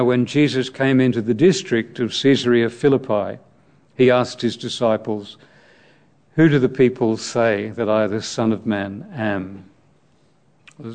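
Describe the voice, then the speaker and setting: A man's voice: mid-range voice, a little mellow. A man preaching a sermon on scripture, reflective and explaining the text, asking his listeners direct questions.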